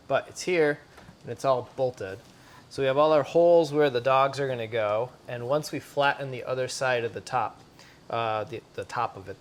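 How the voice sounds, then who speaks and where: A man hosting a boatbuilding vlog, talking through the next steps of a job in a relaxed, methodical way. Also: medium pitch, a little hiss or hum. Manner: relaxed, methodical step-by-step talk. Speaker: boatbuilder host. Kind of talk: casual workshop explanation. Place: boat workshop.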